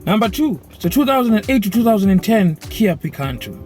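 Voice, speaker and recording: A man hosting a car channel, talking with excitement and stumbling over his words. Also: sits high, fairly quick, faint music behind. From South Africa. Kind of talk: enthusiastic car advice talk.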